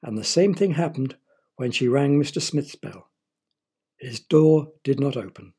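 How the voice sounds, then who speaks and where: A man reading a children's story aloud in a gentle, explanatory manner. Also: mid-range voice, measured pace, slightly rough.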